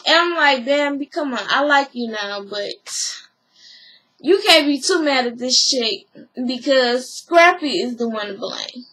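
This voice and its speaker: A woman's voice: high voice, animated, unhurried, a bit bright. A woman vlogger giving a blunt, slangy recap commentary.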